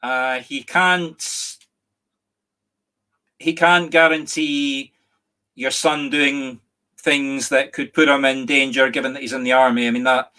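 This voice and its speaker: Speaking in a mid-range voice, a middle-aged psychic medium from Scotland conducts a live reading online. His manner is soft and apologetic, full of restarts, with an emotional catch that sometimes brings him close to tears.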